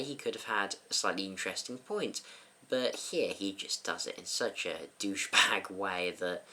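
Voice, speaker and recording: A man's voice: fairly low pitch, bright, forceful tone. A young man in casual comedic commentary, dry and self-mocking, hesitant with many fillers. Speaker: YouTube host reading troll comments.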